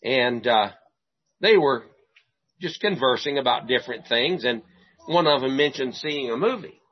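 Preacher guy, husky, pitch swings up and down a lot, repeats himself for emphasis, muffled lo-fi sound. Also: moderate pace. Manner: animated, rhetorical questions, repeats phrases for emphasis. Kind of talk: sermon.

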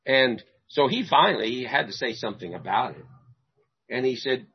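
A man's voice: mid-range voice, animated, normal speed, slightly rough, muffled recording. A man preaching a sermon who asks rhetorical questions and repeats his phrases for emphasis.

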